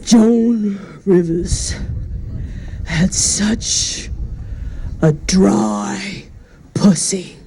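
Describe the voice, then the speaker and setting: A woman doing a slow, lower-pitched impression of a grieving man telling a crude eulogy. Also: warm tone, a little hiss or hum. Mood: mock grief. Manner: drawn-out, halting delivery with pauses.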